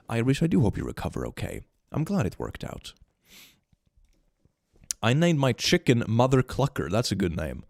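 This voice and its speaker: A man's voice: medium pitch, huge pitch swings, moderate pace, gravelly, long pauses, no echo, studio quality. A young man streaming live, chatting casually and reading viewer messages aloud, laughing often, with a slight cold. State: slight cold, stuffy nose.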